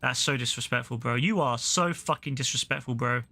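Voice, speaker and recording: A man's voice: mid-range voice, fairly quick, vocal fry, pushed and bright. A young man live-streaming a video game, talking casually with lots of swearing and mock-outraged banter.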